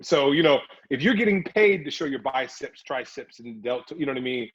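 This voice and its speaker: A man, an actor, chatting casually in an interview and telling lively stories, sometimes slipping into put-on voices. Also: mid-range voice, a little fast, slightly rough. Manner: animated storyteller, slips into put-on voices. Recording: dull lo-fi recording.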